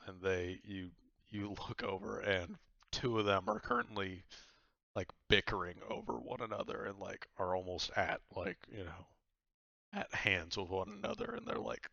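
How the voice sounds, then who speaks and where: A lower-voiced man running a tabletop game, lively and loose, full of fillers. His tone is bright and dry, on a slightly dull, lo-fi recording. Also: vocal fry, no echo. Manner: rambling, many fillers and hedges. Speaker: game master.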